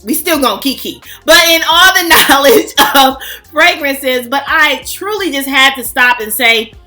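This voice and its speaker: A woman hosting a fragrance vlog, talking in an animated, gushing, chatty way, faint music behind. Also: high voice, unhurried. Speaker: fragrance channel host.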